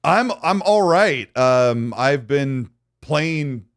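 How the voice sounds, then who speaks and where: Lively, rambling podcast host man. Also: medium pitch, drawn-out words. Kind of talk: casual podcast chat.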